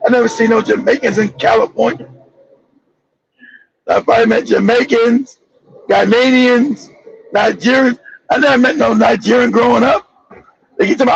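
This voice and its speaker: High-voiced gravelly man, blunt and profane. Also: steady tone, moderate pace, pauses often, highs cut off. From Los Angeles, US. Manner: profane, blunt storytelling with laughs. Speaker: channel host. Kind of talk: live-stream monologue.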